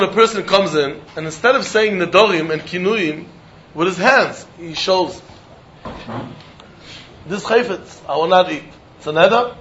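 High-voiced man giving a Talmud class. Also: fairly bright tone, muffled recording, slight background noise. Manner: Yiddish-laced English, chanting question-and-answer. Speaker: Talmud teacher. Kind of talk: Talmud lecture.

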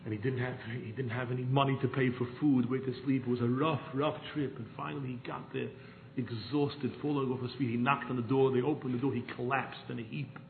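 A man telling a parable in a sermon, moving from hushed narration to pleading. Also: medium pitch, fairly even intonation, fairly quick, vocal fry, slight background noise. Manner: storytelling, swings from hushed to pleading. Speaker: rabbi. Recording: echoey room over a tinny phone-like line.

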